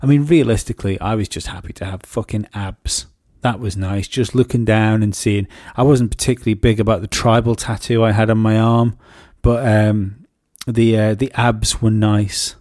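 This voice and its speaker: A man chatting on a podcast, rambling through sweary stories. His voice is dark and mellow, and it sounds dry and close. He often pitches up into mocking voices when he quotes people. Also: fairly even intonation, normal speed, few pauses, no echo. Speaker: podcast co-host. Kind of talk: casual comedic chat.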